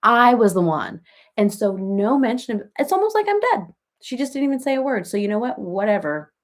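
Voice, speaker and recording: A woman's voice: a little high, sing-song, fairly quick. A woman doing a gossipy reality-TV mom. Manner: gossipy, rambling, laughs through stories. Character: parody of a chatty reality-TV mom live-streaming. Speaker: comedian doing a parody live chat. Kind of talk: rambling live-stream chat, comic impression.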